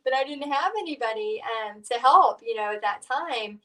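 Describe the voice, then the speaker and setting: A middle-aged woman talks her viewers through a painting lesson, rambling from one story to the next with plenty of "um" and "you know". Her voice sits a little high for a woman. She sounds a bit back from the microphone. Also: lively intonation, moderate pace, distant mic, rough recording. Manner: chatty, rambling, warm storytelling with fillers. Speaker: painting instructor. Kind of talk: live painting tutorial chat.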